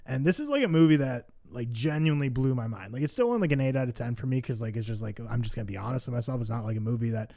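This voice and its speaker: A man's voice: mid-range voice, lively intonation, rapid-fire, creaky, few pauses, dark tone, no echo, clean studio sound. A man co-hosting a casual movie podcast, talking enthusiastically with lots of "like". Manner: enthusiastic, filler-heavy. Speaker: podcast co-host. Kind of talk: casual movie-ranking chat.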